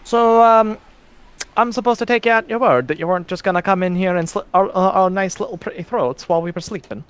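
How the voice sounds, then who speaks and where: A man's voice: high-pitched, fast, clear, resonant tone, no room sound, pitched above the performer's own voice, natural voice. A man voicing a wary, sly woman who leads a band of berserkers in a tabletop game, teasing and suspicious. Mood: mocking suspicion.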